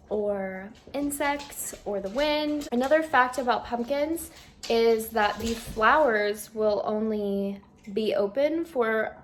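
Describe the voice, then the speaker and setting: A woman's voice: mid-range voice, a little hiss or hum. A young woman narrating a casual gardening vlog in a chatty, slightly unsure way, with fillers and small laughs, partly recorded outdoors in her garden. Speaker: gardening vlogger.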